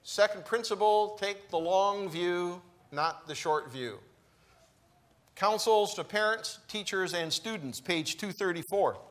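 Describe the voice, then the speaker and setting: A man preaching a sermon in a church, slow and emphatic, with deliberate pauses between phrases. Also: sits high, a bit bright. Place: church sanctuary.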